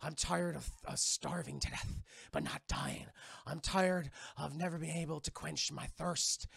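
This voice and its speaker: A man putting on the voice of a cursed undead pirate captain, weary and menacing, with a dramatic, drawn-out delivery. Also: on the high side, big pitch swings, gravelly, fairly bright tone, breathy edge, dry recording, clean studio sound, heavily acted.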